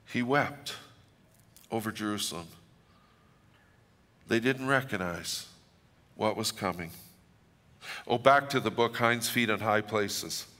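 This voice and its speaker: A man's voice: fairly low pitch, slow pace, pauses often, pushed and bright, in a large hall. A middle-aged man preaching a sermon, telling stories with humor and reading scripture dramatically. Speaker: pastor.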